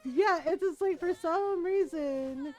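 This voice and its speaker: A woman with a high voice chats and rambles through her game stream, laughing easily. Quiet game music plays underneath her talk. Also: takes it slowly. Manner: chatty, rambling, laughs often. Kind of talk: casual live-stream commentary.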